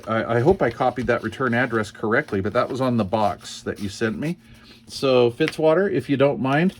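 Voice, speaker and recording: A man chatting casually as he unboxes radio cards, rambling and joking as he reads call signs aloud. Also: mid-range voice. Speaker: CB radio hobbyist vlogger.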